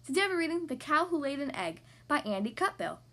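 A young woman hosts a children's story podcast, friendly and expressive. Her voice sits high and sweeps through a wide, animated range as she reads a storybook aloud. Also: a little fast. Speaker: podcast host reading to children.

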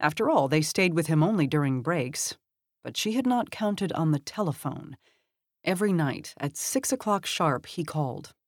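A woman giving a measured, scripted narration of a long magazine article, lifting her voice when she reads quoted lines. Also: deep voice, expressive, no echo, studio quality.

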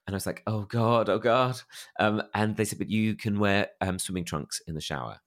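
A man's voice: fairly low pitch, fast talker. A man with a plummy, posh English accent, candidly telling personal stories as an interview guest, self-deprecating, with lots of fillers and restarts. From England.

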